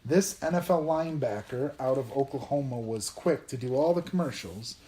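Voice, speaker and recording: A man's voice: mid-range voice, lively intonation, mellow. Man hosting a casual trivia game. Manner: brisk, wry game-show patter. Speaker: podcast host running a trivia game. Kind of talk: casual chat, quiz hosting.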